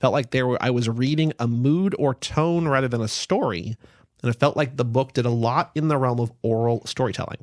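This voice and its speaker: A man co-hosting a book podcast, speaking at a middle pitch. He trades dry, teasing jabs with his co-host and reads his prepared notes aloud. The room is dry and close. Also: fairly quick, dry recording. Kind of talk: casual book-club chat.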